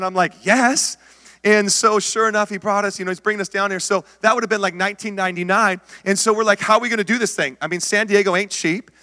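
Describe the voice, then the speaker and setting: A middle-aged pastor with a high-pitched voice preaches a sermon in a church sanctuary, and the recording carries a long hall reverb. He tells his own story in an animated way, acting out his past words and calling out to the congregation.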